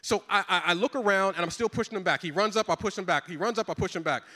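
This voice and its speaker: A middle-aged man, a pastor, telling a comic story in a sermon with lively, animated delivery and lots of repetition. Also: high voice, fast, in a large hall.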